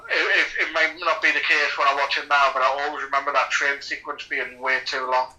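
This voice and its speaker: A man's voice: a little high, little pitch movement, a little fast, bright, forceful tone, low-quality recording. A man, co-hosting a casual film commentary podcast, rambling and chatty. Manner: rambling, chatty, laughs often. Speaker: podcast co-host.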